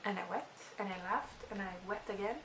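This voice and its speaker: A woman's voice: medium pitch, a little fast, a little hiss or hum. Gushing young woman in a roomy echo. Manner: gushing, excitable, rambling with restarts. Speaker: book vlogger. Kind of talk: casual monologue to camera.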